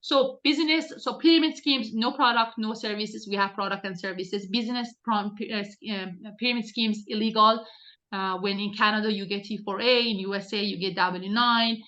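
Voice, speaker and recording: A woman's voice: medium pitch, moderate pace, bright, forceful tone, highs cut off. A woman team leader coaching her recruiters on a group video call, talking directly and insistently with many restarts.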